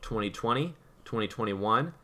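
A man's voice: fairly low pitch, expressive, moderate pace, bright, forceful tone. A man co-hosting a podcast in casual chat, rambling and repeating words as he thinks. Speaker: podcast co-host.

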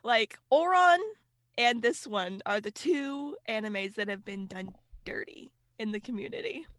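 Laid-back woman co-host, fairly high voice. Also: expressive, unhurried, a bit bright, no echo. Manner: laid-back, laughs easily, swears casually. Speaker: podcast co-host. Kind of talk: casual chat.

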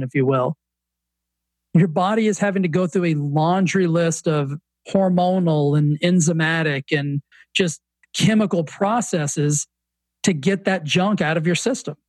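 At a moderate pace, a Southern-accented fitness coach and author with a highish voice spins animated stories as a guest on a laid-back podcast. He restarts his sentences many times, and there's no room sound at all.

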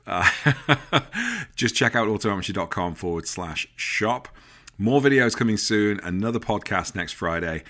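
Bright-voiced English man, deep. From Britain. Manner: chatty, jokey, wraps up with plugs. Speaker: podcast host. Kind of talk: casual podcast chat.

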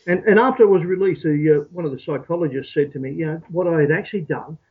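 Husky-voiced man on a tinny call. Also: on the high side. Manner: halting, repeats words, soft pauses. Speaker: interview guest. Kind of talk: reflective storytelling. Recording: tinny phone-like call audio.

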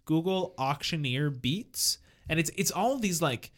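Male podcast co-host, slightly high voice, casual and halting. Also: animated, fairly bright tone. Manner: hesitant, many restarts. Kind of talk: casual group chat.

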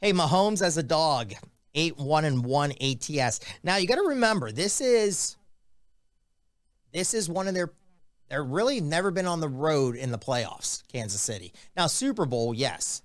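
Animated, lively-voiced male podcast host. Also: fairly high pitch, moderate pace, no echo. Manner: animated, jokey storytelling. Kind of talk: casual sports betting chat.

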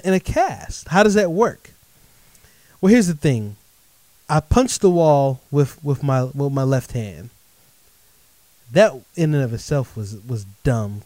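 A middle-aged man telling a true story in a lively monologue, speaking directly to his listeners. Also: medium pitch, no room sound. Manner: animated, addresses audience directly as folks.

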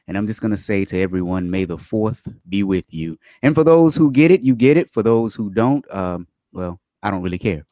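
A man's voice: lowish voice, expressive, brisk, few pauses, dark tone, dry recording, studio quality. A man hosting a livestream, chatting upbeat with viewers and greeting them by name before reading fraud news stories. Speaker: livestream host.

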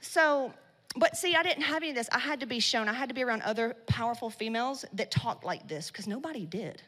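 A woman's voice: a little high, quick pace. A woman giving a blunt, profane motivational talk to a live audience at a women's business event. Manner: blunt, swearing, slangy and loud in bursts. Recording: long hall reverb.

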